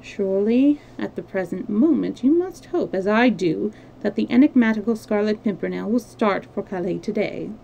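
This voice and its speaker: A woman reading the lines of a sly, sarcastic French male agent in a smooth, mocking voice. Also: mid-range voice, lively intonation, normal speed, hardly any pauses, slight background noise, low-quality recording. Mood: sardonic. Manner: smooth, mocking, quietly menacing.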